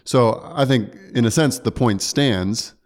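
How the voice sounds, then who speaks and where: A man who is a preacher, talking through a point in casual church chat, earnest and quick to correct himself. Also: medium pitch. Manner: earnest, self-correcting, laughs easily.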